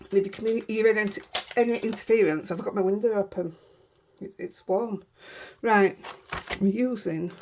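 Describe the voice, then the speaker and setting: A woman's voice: mid-range voice, a little mellow, slight background noise. A woman with a Yorkshire accent, chatting casually to viewers as she works on a card-making project, talking in a rambling way and often breaking off mid-sentence. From Yorkshire, England. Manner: chatty, rambling, self-interrupting. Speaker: craft vlogger. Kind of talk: casual crafting chat.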